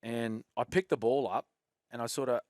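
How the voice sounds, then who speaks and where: A man with an Australian accent telling old rugby league stories in a casual chat, lively and laughing often, calling his listener "mate". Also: medium pitch, moderate pace, no echo, clean studio sound. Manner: animated, laughs often, says "mate" a lot. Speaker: podcast guest, former rugby league player.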